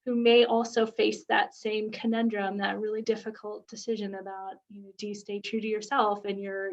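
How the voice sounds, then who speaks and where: A woman's voice: medium pitch, muffled recording. A woman moderating an online event, reading audience questions politely with some hesitation. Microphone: video call.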